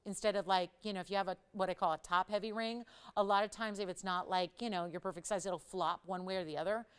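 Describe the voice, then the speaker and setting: A woman hosting a live jewelry shopping show, chatting and telling stories as she pitches a ring, laughing often. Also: fairly even intonation, quick pace, smooth. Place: TV studio.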